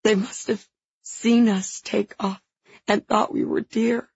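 Woman narrator doing a grieving young woman: hoarse, tearful, halting, with a gravelly edge. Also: mid-range voice, little pitch movement, darkish tone, dry recording, muffled recording, exaggerated voice. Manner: halting, choked with grief. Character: grieving young woman confessing a friend's death.

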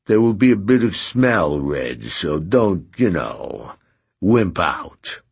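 A man's voice: low-pitched, big pitch swings, takes it slowly, vocal fry, slightly rough, heavily acted. A man voicing a hardened, cold-headed scavenger who gives curt, barked orders in an audiobook. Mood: gruff.

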